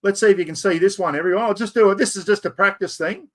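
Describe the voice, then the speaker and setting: A man with an Australian accent and a fairly high-pitched voice talks straight to his live chat. He rambles cheerfully, laughs at his own fumbling, and keeps calling out to everyone watching. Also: fast talker. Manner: chatty, self-mocking, talks to viewers while fumbling with software. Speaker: livestream host. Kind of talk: casual live stream chat.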